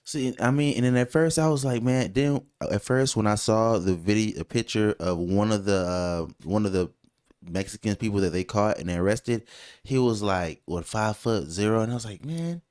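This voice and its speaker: A man co-hosting a casual podcast, talking in an animated, jokey, rambling way with many restarts. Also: lowish voice, moderate pace, smooth. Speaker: co-host.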